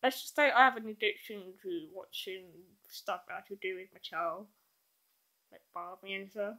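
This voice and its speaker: A woman's voice: mid-range voice, moderate pace, pushed and bright. A teenage girl rambling through a doll review in her bedroom, hyper and giggly, filming one-handed on a handheld camera. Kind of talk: casual rambling vlog.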